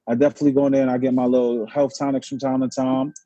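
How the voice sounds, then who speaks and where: Husky-voiced animated New man. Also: mid-range voice, rapid-fire, dry recording, highs cut off. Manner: animated, storytelling, profane slang. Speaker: podcast co-host. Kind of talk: casual chat.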